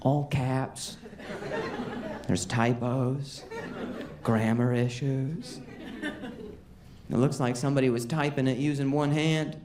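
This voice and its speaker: A man's voice: mid-range voice, steady tone, slow pace, pauses often, a crowd in the background. Stuttering man doing wry stand-up. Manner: self-deprecating, wry. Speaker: stand-up comedian. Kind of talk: stand-up comedy set. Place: comedy stage before a live audience. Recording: roomy live venue with background noise.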